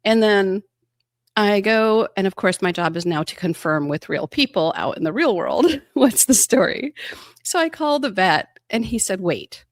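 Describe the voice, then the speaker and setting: A woman's voice: medium pitch, a little slow, dry recording, studio quality. A woman in her fifties, an emergency room physician and interview guest, telling stories casually and acting out quoted dialogue with frequent laughter. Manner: animated, acts out quoted dialogue, laughs often.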